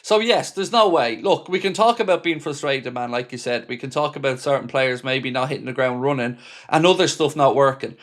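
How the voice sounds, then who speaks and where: A man hosts a fan live stream in easy, animated chat. He reads out viewer comments and answers each commenter by name, his pitch sitting in the middle range for a man. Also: fairly quick.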